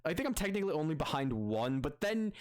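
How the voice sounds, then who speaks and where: A young man running a tabletop game as game master, animated and joking, laughing often. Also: a little high, quick pace.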